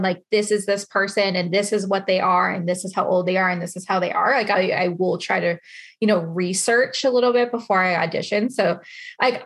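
A woman hosts a casual interview chat, bubbly and rambling as she talks. Her voice is husky and a little breathy. She sits at a mid pitch. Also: a bit bright. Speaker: interviewer, podcast host.

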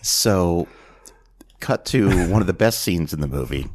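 A man co-hosting a podcast, recapping a film in casual chat and acting out the characters' lines as he goes. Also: unhurried. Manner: animated retelling, drops into low quoted voices. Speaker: podcast co-host.

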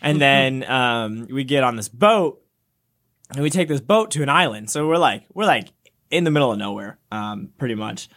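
Young guy on a podcast, chatty storyteller, voice jumps way up when he quotes people. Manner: animated storyteller, acts out quotes with jumps in pitch. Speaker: podcast co-host. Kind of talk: casual storytelling chat.

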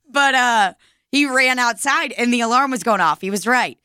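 Bright-voiced young woman, swearing storyteller. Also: on the high side, a little slow, clear, resonant tone, no room sound, clean studio sound. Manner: animated, swearing, laughing through stories. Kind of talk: casual storytelling chat.

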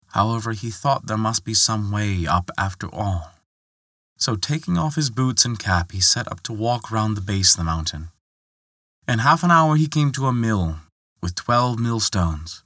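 A man narrating a folktale, reading in an expressive way and lifting his voice for the characters' lines. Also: dry recording, clean studio sound. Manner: expressive, lifts pitch for quoted characters. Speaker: storyteller.

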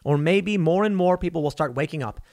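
A man in his thirties delivers opinionated online commentary at a rapid clip. His voice sits a little high for a man, and his tone is combative and sardonic throughout. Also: darkish tone. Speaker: political commentary host.

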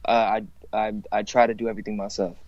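A man who makes music, talking about his work as a guest in a casual chat, relaxed and full of fillers. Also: fairly low pitch, very fast, a crowd in the background. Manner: laid-back, relaxed, lots of fillers. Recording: dull, dry, muffled sound.

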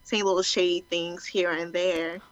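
A woman co-hosting a casual chat, reasoning through her points in a measured way. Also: on the low side, little pitch movement, no echo, rough recording. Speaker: podcast co-host.

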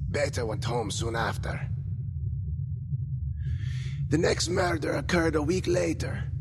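A man narrating a dark first-person tale in a measured, somber way. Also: on the high side, vocal fry, noisy background. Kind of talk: scripted first-person storytelling.

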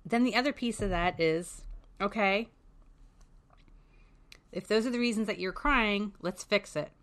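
A woman's voice: mid-range voice, unhurried, a bit bright. A woman talking candidly as a parent advocate, giving casual, frank advice and swearing freely.

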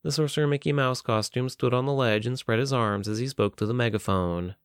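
A man reading a story aloud in a steady, even audiobook narration. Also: mid-range voice, fairly quick, smooth, dry recording, studio quality.

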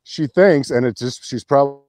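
Man, mellow dark voice, podcast guest, rambling storytelling, swears, dry close sound. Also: mid-range voice, fairly quick, no echo. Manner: rambling, restarts, profane, animated retelling. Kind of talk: casual chat, storytelling.

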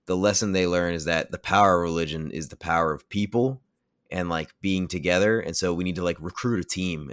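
Man, very low voice, podcast movie reviewer, casual rambling recap, blunt opinions, dry close mic. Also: dry recording. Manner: rambling, heavy use of "like"; blunt, offhand judgments.

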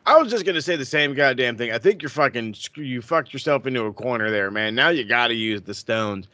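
A man's voice: mid-range voice, fairly quick, pushed and bright, dry recording. A man co-hosting a casual talk show, talking bluntly with heavy swearing. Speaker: podcast co-host. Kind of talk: casual wrestling chat.

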